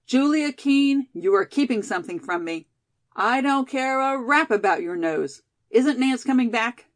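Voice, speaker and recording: A woman voicing an impetuous, warm-hearted young college girl who speaks eagerly and emotionally, in a higher, louder voice than her narration. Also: lively intonation, moderate pace, natural voice.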